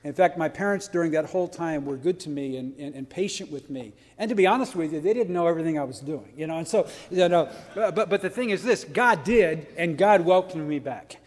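A man's voice: a little high, fairly quick, few pauses, a little mellow, big-room sound. A man preaching a sermon, earnest and emphatic, stumbling into restarts and asking rhetorical questions.

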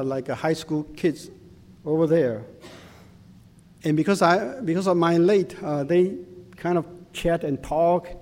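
Slow-speaking man preaching in a hall. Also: a little high, warm tone. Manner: slow, deliberate preaching in simple non-native English. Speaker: pastor. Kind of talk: sermon. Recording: long hall reverb.

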